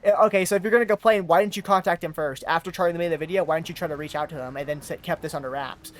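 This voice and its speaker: A man's voice: on the high side, steady tone, racing, a little hiss or hum. A man commenting on a stream clip, exasperated and mocking, often calling the subject "bro". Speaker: commentary host. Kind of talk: reaction commentary.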